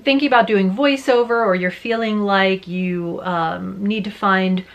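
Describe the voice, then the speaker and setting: A woman voice-over artist and teacher talks casually to the camera, walking through her technique. She speaks at a medium pitch, animated and gesturing with her hands as she explains. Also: a little slow, lo-fi sound.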